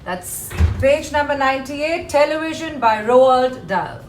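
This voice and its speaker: A woman teaching a poem in an online class, animated and repeating words for emphasis. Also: sits high, a little slow, reverberant, soft background music. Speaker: English teacher.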